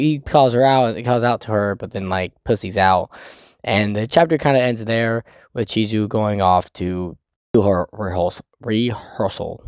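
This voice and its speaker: A man's voice: on the low side, smooth, no echo. Laid-back man chatting through a recap, swearing, laughing, dry close voice. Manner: rambling, profane, laughing often. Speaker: manga chapter recap host. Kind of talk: casual chat.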